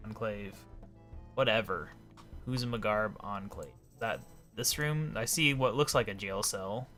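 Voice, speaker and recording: A man's voice: on the low side, unhurried, pushed and bright, faint music behind. A man casually commenting while playing a video game, with offhand, wry asides. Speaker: let's play host.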